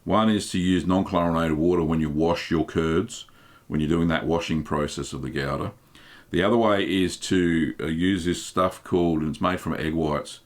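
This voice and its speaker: An Australian man hosting a live stream, reading viewer chat aloud and answering questions in a relaxed, chatty way with many ums. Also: low voice, normal speed. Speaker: host.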